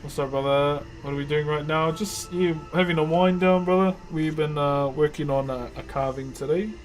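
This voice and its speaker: A man's voice: fairly high pitch, fairly even intonation, normal speed, soft background music. A man with a New Zealand accent chatting casually with viewers on a live stream, easygoing and calling everyone bro. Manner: laid-back, calls viewers brother and bro.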